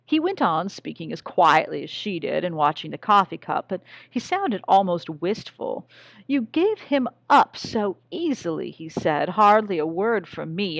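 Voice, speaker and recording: A young woman reading a short story aloud in a measured, even way, keeping the dialogue quiet. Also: lowish voice, vocal fry, dry recording. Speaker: reader.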